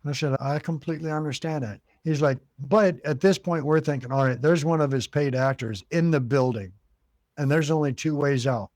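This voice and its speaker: A man's voice: mid-range voice, brisk, darkish tone, no echo. Guy telling a ghost story, acts out everyone's lines, dry close mic, mid voice. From United States. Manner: retells conversations, acting out quoted voices. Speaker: haunted cabin owner and guest. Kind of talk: animated storytelling interview.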